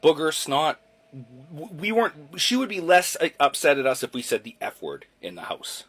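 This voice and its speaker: Man, 40s, husky voice, lively delivery, loose casual storyteller. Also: a little high, normal speed. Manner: chatty, loose, swears casually.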